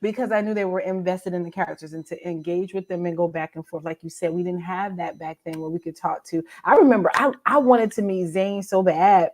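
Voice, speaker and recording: Animated woman author on a video call. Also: brisk, few pauses. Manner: animated, acts out quotes with big jumps in pitch; talks in bursts with restarts and laughter. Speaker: indie author on a publishing panel. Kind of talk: casual panel chat.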